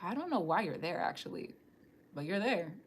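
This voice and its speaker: A woman's voice: lowish voice, moderate pace, slight background noise. Rambling woman giving a live psychic reading. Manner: rambling, animated, addresses viewer directly. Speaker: tarot reader. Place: home room.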